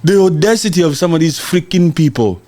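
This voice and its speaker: A man's voice: fairly high pitch, lively intonation, a little fast, mellow. Heated man hosting a livestream. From DR Congo. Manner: heated, emphatic, repeats words, mild cursing. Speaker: podcast host. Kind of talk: livestream commentary reading viewer comments.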